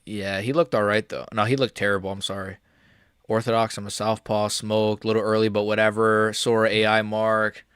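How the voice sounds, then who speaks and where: A man's voice: on the low side, flat delivery, normal speed, fairly bright tone, clear, resonant tone, no echo, clean studio sound. A man hosting a live stream, reacting to a fight in a casual, rambling, profane way.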